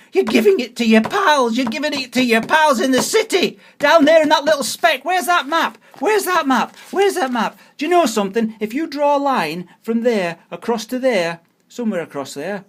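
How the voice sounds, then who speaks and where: A man's voice: extremely high pitch, slight background noise. A man, ranting sarcastically at a government leaflet and repeating his jabs like a heckler. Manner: sarcastic, repetitive, heckling an unseen opponent. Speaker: political video blogger. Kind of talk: angry political rant.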